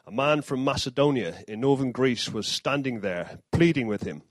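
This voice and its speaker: A man's voice: mid-range voice, lively intonation, normal speed, few pauses, no echo. A man giving an informal sermon, mixing scripture with jokey asides and self-deprecating humor. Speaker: preacher.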